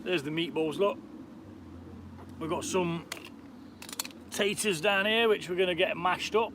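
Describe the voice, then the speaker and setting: A man's voice: high-pitched, measured pace, noisy background. A British man live-streaming as an outdoor cooking vlogger, chatting casually, swearing lightly and answering viewer comments as he cooks. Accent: British English. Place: outdoors, cooking on a camp stove.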